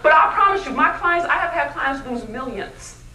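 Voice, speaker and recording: A woman speaker gives an animated motivational talk at a luncheon, her voice high and sharp. She keeps turning to the audience with questions. The sound is roomy and picked up from far off, with a faint hiss underneath. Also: moderate pace. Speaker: keynote speaker. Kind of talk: motivational speech. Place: luncheon event hall. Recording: echoey hall, mic from far off.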